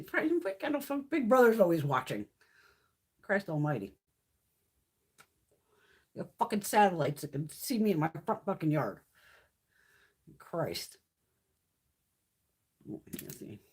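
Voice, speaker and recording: Profane, animated woman in her fifties ranting. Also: lowish voice, husky. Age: 50s. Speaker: beauty livestream host. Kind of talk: casual livestream chat. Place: home, mountain area.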